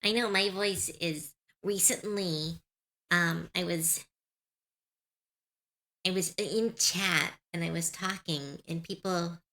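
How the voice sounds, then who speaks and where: A woman streamer chatting casually on a live stream, musing softly and answering her chat. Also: on the low side, takes it slowly, long pauses.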